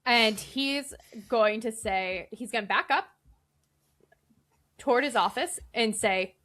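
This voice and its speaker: A woman narrating as game master in a tabletop game, relaxed with lots of fillers. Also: a little high, slow.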